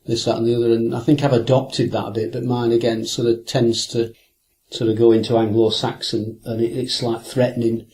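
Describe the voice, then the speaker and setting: This older angler's voice is mid-range and dark, with a level tone and a fairly quick pace. Telling fishing stories in a reflective interview, he rambles with frequent hesitations and restarts.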